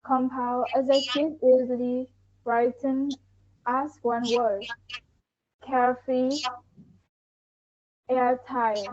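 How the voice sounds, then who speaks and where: A woman student reading a class presentation on word stress, going through word lists slowly and flatly. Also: fairly high pitch. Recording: dull lo-fi recording.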